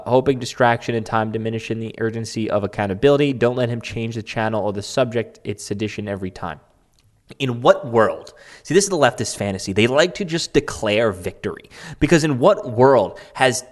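A man gives loose, off-the-cuff commentary at an ordinary mid pitch. His tone is sarcastic and mocking, and he rambles with plenty of "um" and "like" fillers. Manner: sarcastic and mocking, sometimes laughing. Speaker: political commentator. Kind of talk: casual commentary reading out online posts.

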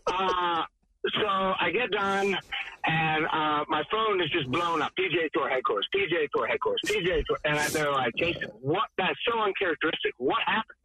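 A man telling an animated, laughing golf story as a guest. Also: fairly high pitch, normal speed, a little hiss or hum, poor audio. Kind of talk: casual storytelling.

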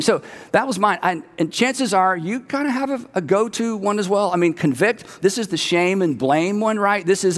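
A man delivers a conversational sermon with a fairly high voice, often repeating words to drive a point home. His voice rings through a large auditorium with a long reverb tail. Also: lively intonation, moderate pace. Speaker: pastor.

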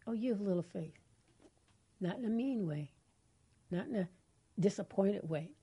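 A woman's voice: mid-range voice, animated, normal speed, long pauses, dark tone, breathy edge. A middle-aged woman co-hosting a Christian call-in radio show, talking earnestly and encouragingly. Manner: earnest, encouraging, laughs easily. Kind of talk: faith talk radio chat.

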